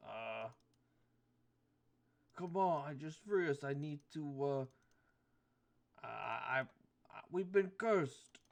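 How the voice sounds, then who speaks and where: A man voicing cursed talking goats, pleading haltingly to be freed. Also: a little high, lively intonation, gravelly, heavily acted. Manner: halting, stammering pleas.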